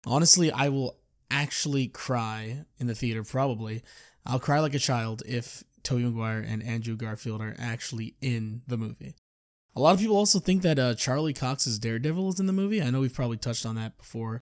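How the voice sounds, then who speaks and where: A man's voice: medium pitch, fairly quick, no echo, clean studio sound. A man hosting a podcast on his own, chatting casually to listeners in a rambling way and often restarting his sentences. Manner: rambling, self-correcting, chatty. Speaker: podcast host. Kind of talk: casual solo chat.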